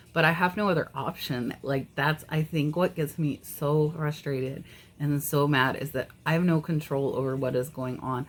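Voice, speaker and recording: A woman's voice: sits low, a little hiss or hum. A woman reseller chatting casually on her vlog, frank and easily exasperated. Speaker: eBay reseller.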